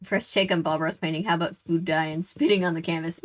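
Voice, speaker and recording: A woman's voice: lowish voice, fairly even intonation, fast, few pauses, a bit bright. A woman hosting a live game stream, chatting casually, laughing often and answering her chat aloud.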